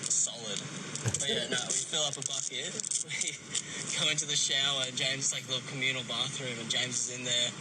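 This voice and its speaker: A man's voice: medium pitch, fairly even intonation, moderate pace. A man with an Australian accent telling a crude story in a recorded voice message. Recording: loud background noise.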